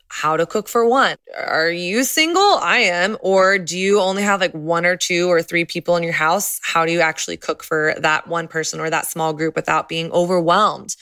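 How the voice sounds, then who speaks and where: A woman hosting a podcast, talking in a friendly, chatty way straight to the listener, her voice a little deeper and rougher than usual. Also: a bit bright, no room sound. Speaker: podcast host.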